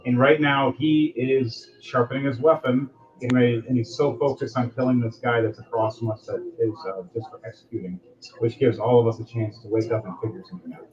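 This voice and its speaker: A man's voice: mid-range voice, steady tone, brisk, darkish tone. Man running a tabletop game. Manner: loose, rambling descriptions. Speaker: game master. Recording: dull lo-fi audio, faint music.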